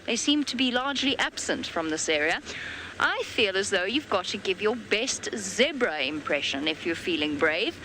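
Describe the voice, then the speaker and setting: A woman's voice: medium pitch, expressive, moderate pace, pushed and bright, slight background noise. A woman presenting a live safari broadcast in a playful, teasing chat style.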